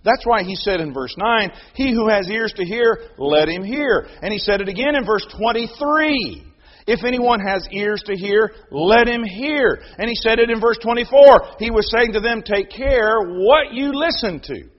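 A middle-aged man preaching a sermon. He moves between loud proclaiming and quiet, personal storytelling. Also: high voice, moderate pace. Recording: dull lo-fi sound.

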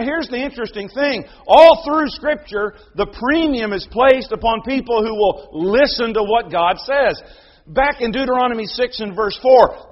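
Man preaching with a lively, high voice. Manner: swings from loud proclaiming to quiet storytelling. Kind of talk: sermon. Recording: dull lo-fi sound.

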